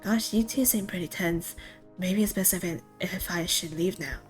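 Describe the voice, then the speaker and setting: A woman reading the lines of a quiet, gentle young woman in a game aloud. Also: fairly low pitch, moderate pace, soft background music, lightly acted. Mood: soft concern. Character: soft-spoken polite young woman, unsettling.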